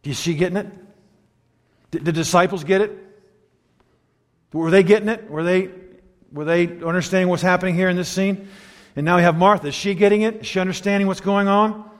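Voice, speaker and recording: A man preaching in a church sanctuary, his slightly high voice ringing out with a long hall reverb. He tells his story with wide swings, pressing hard on key points and then dropping to a hushed, near-whispered hush. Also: fairly even intonation, fairly quick. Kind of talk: sermon.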